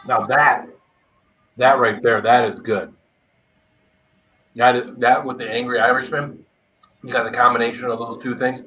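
A livestream host doing a spicy food tasting talks at normal speed with frequent pauses, his medium-pitched voice bright and forceful with little pitch movement. He chats and greets viewers by name while eating, over dull lo-fi stream audio.

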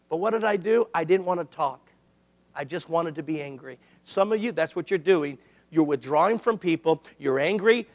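A middle-aged pastor with a high voice preaches a sermon full of animated stories, acting out the voices of the people he quotes.

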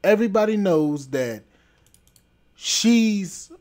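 Blunt higher-voiced man ranting. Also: animated, slow pace, darkish tone. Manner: blunt, repetitive, scolding. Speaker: podcast host. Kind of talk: opinion rant.

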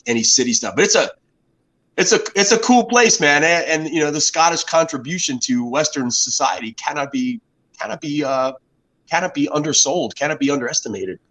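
A man in his fifties swaps stories over a few beers as a guest, his voice sitting a touch higher than most men's. He tells them in an animated way and swears freely as he goes. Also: brisk, poor audio. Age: 50s. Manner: animated, profane storyteller. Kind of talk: casual anecdotes over beers.

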